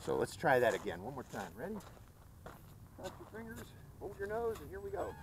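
Guy with a slightly high voice flying an rc plane outside, calling everyone folks, faint background hiss. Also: wildly swooping pitch, a little fast. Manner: chatty, folksy, addresses viewers as folks. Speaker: RC hobby video host. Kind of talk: casual flight-test commentary. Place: outdoors at a flying field.

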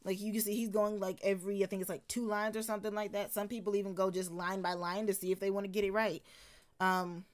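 A woman's voice: mid-range voice, flat delivery, fast. A tired woman vocal coach talks loosely through a reaction video. She yawns between thoughts and fills her sentences with casual fillers and restarts, chatting more than lecturing. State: tired and yawning.

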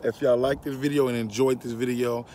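A man's voice: medium pitch, flat delivery, a little fast, very noisy. A man vlogging casually, slangy and laid-back as he talks to his viewers. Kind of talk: casual vlog talk.

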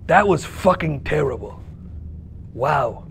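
An actor playing a crude, brash, teasing spaceship pilot in a comedy sketch. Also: male voice, fairly high pitch, animated, takes it slowly, vocal fry, slight background noise, exaggerated voice.

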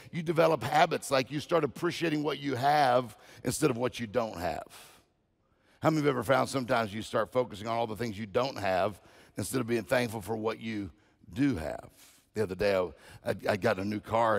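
A man's voice: medium pitch, gravelly, big-room sound. A man preaching as a guest speaker, telling folksy humorous stories and often repeating words. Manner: storytelling, folksy, repeats himself.

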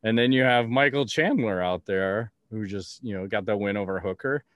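A man's voice: lowish voice, normal speed, a bit bright, no room sound, studio quality. A man hosting a podcast in casual chat, blunt and rambling, swearing freely. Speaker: podcast host.

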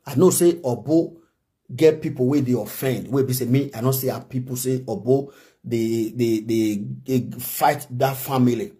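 A Nigerian man talks straight to camera for a gossip vlog, urging and pleading in a preachy way. His voice is mellow and dark, sitting at an ordinary male pitch. He circles back to the same points over and over. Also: normal speed. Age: adult, married. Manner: preachy, pleading, repeats himself. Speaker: gossip commentator. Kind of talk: pidgin commentary vlog.

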